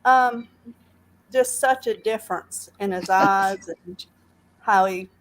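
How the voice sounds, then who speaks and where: A woman's voice: medium pitch, slight background noise, rough recording. A woman with a Southern accent calling in to a live stream, talking earnestly with lots of fillers and restarts. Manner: earnest, halting with many fillers. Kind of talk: casual call-in chat.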